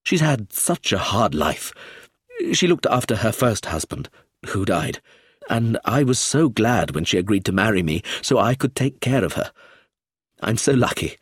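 A man voicing an emotional, excitable middle-aged man in a read story, speaking in an agitated way. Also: lowish voice, measured pace, husky, dry recording, studio quality, exaggerated voice.

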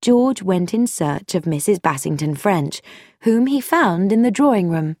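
A woman narrating a storybook in a clear, measured way. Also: medium pitch, animated, darkish tone, dry recording, studio quality. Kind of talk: storybook reading.

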